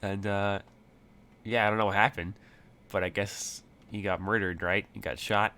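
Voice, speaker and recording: A man's voice: fairly low pitch, steady tone, normal speed, sharp tone, smooth. A man voicing a grumpy, insulting male leprechaun bartender in a tabletop game, talking with exasperated scorn. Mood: irritated.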